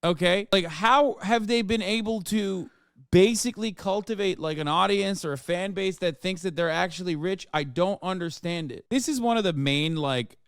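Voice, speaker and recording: A man's voice: high-pitched, moderate pace, clean tone, dry recording, clean studio sound. A man streaming a reaction to videos, talking in a casual, incredulous and profane way, mocking what he sees.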